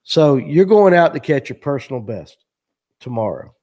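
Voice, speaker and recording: A man hosting a casual live-streamed fishing talk. He asks his guests lots of questions in a loose, animated way, and his pitch sits in an ordinary middle range. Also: normal speed. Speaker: show host.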